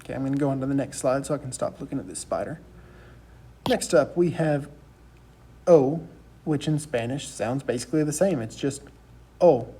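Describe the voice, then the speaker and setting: A male teacher narrating a recorded class lecture, slowly repeating each sound so students can follow along. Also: mid-range voice, mellow, a little hiss or hum. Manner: slow, patient letter-by-letter drilling with repetition.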